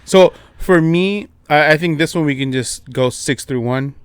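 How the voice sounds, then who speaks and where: Easygoing man with a smooth voice. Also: a little high, a little slow, no echo. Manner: easygoing, agreeable, laughs along. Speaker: podcast co-host. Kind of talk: casual chat.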